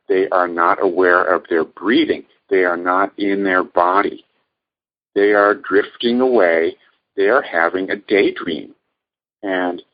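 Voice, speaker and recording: Slow, deep-voiced man guiding a meditation. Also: dull audio. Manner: calm, measured, gently instructive. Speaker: meditation teacher. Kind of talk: guided meditation lecture.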